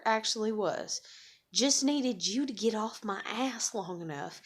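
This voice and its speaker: A woman's voice: medium pitch, lively intonation, a little slow, slightly rough. A woman ranting profanely in a casual venting monologue.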